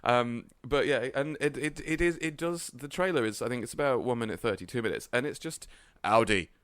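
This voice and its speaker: A man's voice: mid-range voice, brisk, fairly bright tone, clean tone, no echo. A man co-hosting a podcast, reviewing films in casual chat with wry, rambling tangents, recorded in a studio. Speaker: podcast co-host.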